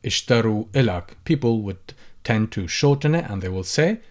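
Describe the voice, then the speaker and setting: A man's voice: mid-range voice, expressive, normal speed, a little mellow. A man teaching a language lesson, patiently saying each example phrase several times before explaining it. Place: lives in the UK.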